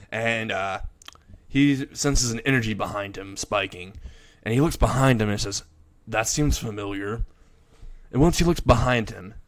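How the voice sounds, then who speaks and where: Man, casual fan-story narration, rambling, middle-pitched voice.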